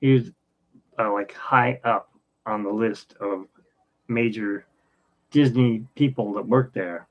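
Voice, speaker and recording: A man in his fifties hosting a podcast, rambling through anecdotes in a casual, halting way with many fillers. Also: on the low side. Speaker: podcast host. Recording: dull lo-fi sound.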